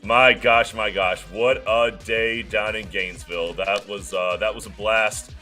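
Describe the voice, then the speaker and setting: Excited co-host man on a call. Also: lowish voice, measured pace, faint music behind. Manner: excited, stumbling over repeated words. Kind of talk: casual sports chat.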